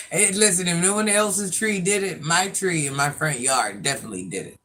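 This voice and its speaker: A woman's voice: fairly low pitch, normal speed, fairly bright tone, a little hiss or hum. A woman in her fifties hosting a casual livestream chat, a chatty storyteller who laughs at herself as she talks to her viewers. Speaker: livestream host.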